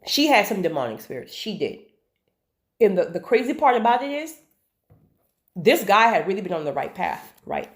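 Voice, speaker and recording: Lively chatty woman telling a story. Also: mid-range voice, moderate pace, long pauses. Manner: animated, chatty, with asides like "right?" and "honey"; faith-based talk of God and spirits. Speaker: vlogger telling a personal story. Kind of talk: casual storytelling.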